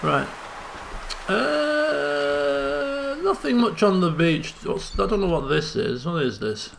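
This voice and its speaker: A young man giving excitable let's play commentary, chattering and repeating phrases in bursts. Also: high-pitched, slow pace, vocal fry, slight background noise. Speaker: gaming channel host.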